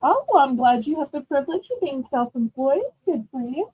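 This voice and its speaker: Woman, auction host, high voice, gushing and upbeat, dry close sound. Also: animated, moderate pace, dry recording, dull audio. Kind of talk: live selling stream chat.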